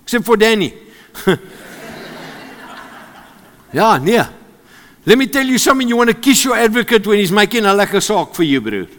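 A man with a South African accent preaching a sermon, animated and joking with the congregation. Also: sits high, normal speed, long pauses. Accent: South African English. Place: church service with congregation. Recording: long hall reverb.

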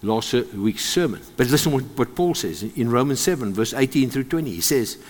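A man with a South African accent preaching a sermon, animated and joking with the congregation. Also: medium pitch, a little fast, hardly any pauses. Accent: South African English. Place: church service with congregation. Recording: long hall reverb.

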